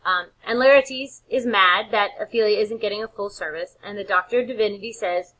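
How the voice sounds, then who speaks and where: A woman teacher lectures casually, retelling the story in an animated, slangy way with frequent fillers and restarts. Her voice is bright and forceful, with a slightly tense edge. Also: mid-range voice, moderate pace, low-quality recording.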